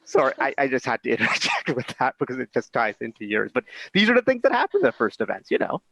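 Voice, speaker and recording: A man's voice: mid-range voice, wildly swooping pitch, fast, gravelly, a bit bright, no room sound, poor audio. Casual man hosting, dry close sound. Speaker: host. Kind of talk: casual chat.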